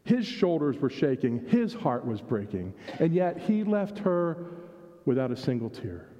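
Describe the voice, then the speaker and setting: A man, a pastor, reading a story aloud during a worship service in a measured storytelling manner, sometimes repeating a word. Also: mid-range voice, big pitch swings, warm tone. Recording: dull sound in a reverberant hall.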